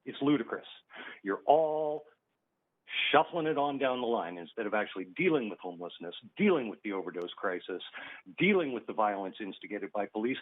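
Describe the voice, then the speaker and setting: A man's voice: fairly low pitch, big pitch swings, brisk. Blunt, emotional man on a phone line. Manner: blunt and emotional, with repeated rhetorical questions. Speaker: public speaker calling in to a council meeting. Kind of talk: impassioned public comment.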